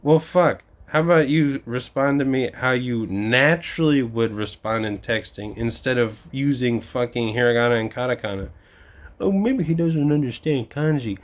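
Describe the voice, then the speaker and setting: A young man vents in a profane monologue, swearing nearly every line. He laughs between complaints and slips into mocking quoted voices. His pitch sits in the middle. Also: normal speed. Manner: mimics other people in quoted voices. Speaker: vlogger.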